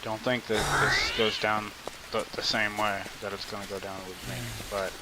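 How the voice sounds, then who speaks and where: A man giving a relaxed, filler-heavy gameplay tutorial. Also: on the low side, moderate pace. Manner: relaxed, drawling, many fillers. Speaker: game tutorial host. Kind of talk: casual gameplay tutorial commentary. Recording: loud game rain noise behind. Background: loud rain and jungle game sounds.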